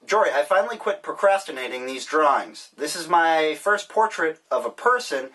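A man's voice: on the high side, animated, moderate pace, bright, forceful tone, slightly rough. A man hosting a casual mail-opening vlog, joking and rambling sarcastically as he opens packages. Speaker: vlogger. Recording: distant mic, faint hiss.

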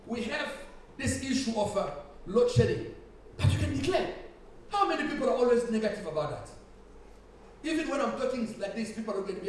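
High-voiced man preaching in an echoey hall. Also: expressive, brisk, pauses often. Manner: preaching with rising shouts and laughter, repeating phrases. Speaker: pastor. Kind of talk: sermon. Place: church hall. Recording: echoey church hall from far off, faint hiss.

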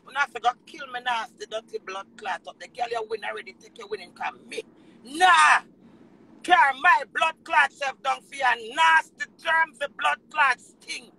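High, piercing Jamaican woman ranting. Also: gravelly, rough recording. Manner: ranting, swinging from low mutters to shouts; heavy patois swearing. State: tearful. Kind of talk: emotional live rant.

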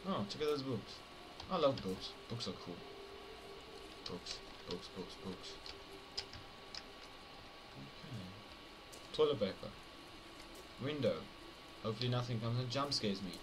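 A young man with a mid-range voice and lively intonation comments on a horror game for viewers at a moderate pace over a noisy background. He jokes and talks straight to his audience, swinging between mutters and startled yelps.

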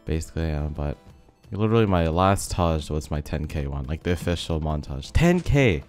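Laid-back young man with a deep voice. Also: lively intonation, normal speed, a little mellow. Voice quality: slightly sick, rough voice. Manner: rambling, filler-heavy, laid-back. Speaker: gaming video host. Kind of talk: casual commentary over gameplay. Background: faint background music.

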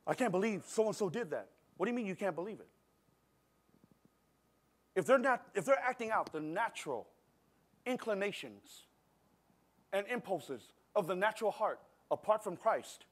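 A middle-aged man preaching a sermon in a church service, telling a personal story in a conversational, animated way and swinging between quiet and loud. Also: high-pitched. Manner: animated, conversational, acts out scenes with shifting loudness. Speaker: pastor.

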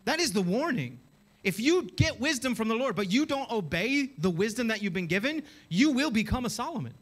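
A man's voice: extremely high pitch, big pitch swings, brisk, fairly bright tone. A man preaching a sermon as a pastor, emphatic and full of rhetorical questions. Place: church.

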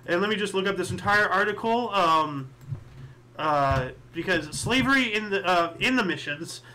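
A man with a high, bright voice hosts a casual history show. He reads off dates and events, then rambles through asides full of fillers and second thoughts. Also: lively intonation, normal speed, a little hiss or hum. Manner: rambling, thinks aloud with many fillers and asides. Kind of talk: casual solo commentary reading history events.

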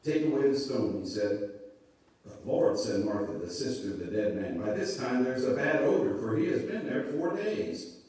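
A man's voice: mid-range voice, big pitch swings, normal speed, a little mellow. Man reading scripture in an echoey church. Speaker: pastor leading children's moment. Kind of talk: scripture reading and children's talk. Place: church sanctuary. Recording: echoey church room, mic far off.

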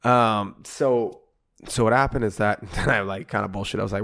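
A man's voice: lowish voice, normal speed, vocal fry, a bit bright. A man co-hosting a podcast, telling a long story in casual chat, swearing constantly and acting out both sides of an argument. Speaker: podcast co-host.

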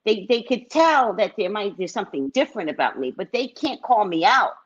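A middle-aged woman from California, telling stories in an animated, chatty live-stream chat. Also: mid-range voice, a little fast, slightly rough. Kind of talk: casual storytelling chat. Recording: dull lo-fi recording.

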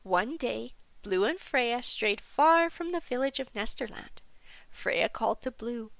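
A woman narrating a children's storybook gently, sometimes dropping to a soft whisper. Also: on the high side, animated, a little slow, gravelly, dry recording, poor audio.

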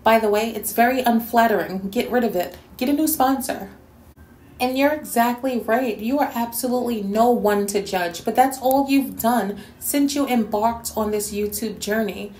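Sharp-tongued woman in an echoey room. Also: on the high side, moderate pace. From New York City. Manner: sassy, cutting, scolding. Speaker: YouTube commentator. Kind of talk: response video rant.

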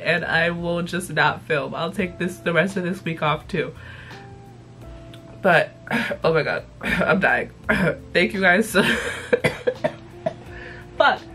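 A sick young woman with a congested voice, chatting bluntly to her viewers and cursing freely. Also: medium pitch. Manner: blunt, swears freely, animated. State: congested from illness. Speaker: YouTube vlogger. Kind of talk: casual chat to camera.

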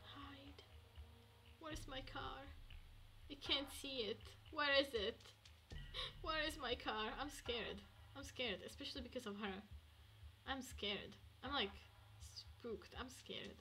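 A woman streaming a game, chatting to herself and swinging between hushed murmurs and excited outbursts. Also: high-pitched, slow, faint music behind. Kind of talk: casual gameplay commentary.

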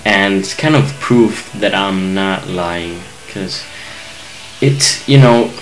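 A man's voice: low voice, lively intonation, takes it slowly, soft background music, low-quality recording. A young man venting in a casual vlog rant to his viewers, angry, rambling and swearing a lot. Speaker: YouTube gamer venting to viewers.

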